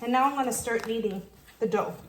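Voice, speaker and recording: Chatty high-voiced woman teaching cooking. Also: brisk, slight background noise. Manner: chatty, talks viewers through each step. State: out of breath from kneading. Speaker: cooking channel host. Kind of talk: casual cooking demonstration.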